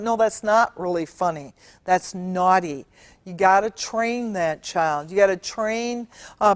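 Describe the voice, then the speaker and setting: A woman's voice: medium pitch, dry recording. A middle-aged woman giving an earnest, emphatic Bible teaching in a studio, stretching out key words and using fillers. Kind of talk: teaching sermon.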